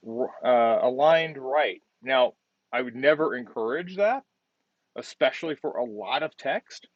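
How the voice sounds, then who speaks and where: A male design instructor giving relaxed feedback on a student's project while demonstrating on screen, often repeating words as he works. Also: medium pitch, normal speed, dry recording, lo-fi sound.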